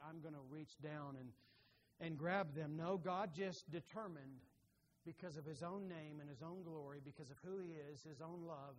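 A man preaching a sermon as pastor, who rises loud and high on emphatic lines and drops soft and low on tender ones, reading scripture aloud with growing force. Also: slight background noise.

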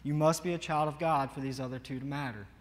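A man's voice: on the high side, steady tone, quick pace, long reverb tail. A man preaching an earnest, emphatic sermon to his congregation. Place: church.

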